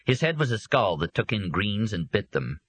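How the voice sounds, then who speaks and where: A man narrating an audiobook in a very deep, husky voice. His tone is bright and forceful despite the low pitch. The recording is close and dry. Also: very animated, normal speed, no room sound. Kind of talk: scripted narration.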